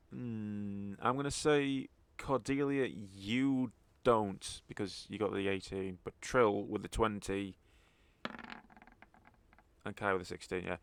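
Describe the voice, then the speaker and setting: A man as game master of a tabletop game, giving relaxed explanations and rulings. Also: fairly low pitch, slow pace, vocal fry, pauses often, clean tone, no echo.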